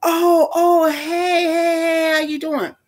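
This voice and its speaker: A woman's voice: very high voice, little pitch movement, takes it slowly, slight background noise, pitched above the performer's own voice. A woman doing a stammering, flustered man. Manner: stammering, repeating himself. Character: flustered middle-aged man caught off guard.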